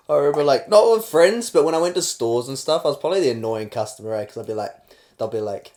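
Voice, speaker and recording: A young man from New Zealand with a New Zealand accent, co-hosting a podcast and telling crude comic stories quickly and loosely. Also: mid-range voice, animated, a little mellow. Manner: fast, rambling storyteller, acts out quotes. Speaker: podcast co-host. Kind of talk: crude comedic banter.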